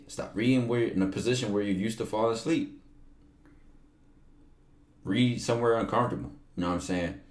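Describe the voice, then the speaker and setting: A man's voice: lowish voice, a little hiss or hum. A young man livestreaming, talking casually and emphatically, with lots of profanity, and sometimes reading aloud from a book.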